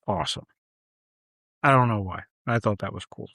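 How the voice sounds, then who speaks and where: A man's voice: lowish voice, normal speed, creaky, dry recording. A man co-hosting a podcast, casually and animatedly retelling a film. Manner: animated retelling with acted-out quotes. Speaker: podcast co-host. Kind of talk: casual film recap chat.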